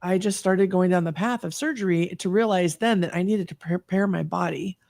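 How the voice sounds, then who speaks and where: A woman's voice: fairly low pitch, normal speed, gravelly, darkish tone, no room sound. Woman, fifties, earnest, reflective, guest telling a personal story. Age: 50s. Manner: earnest, reflective, frequent fillers and restarts. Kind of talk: personal story in an online talk.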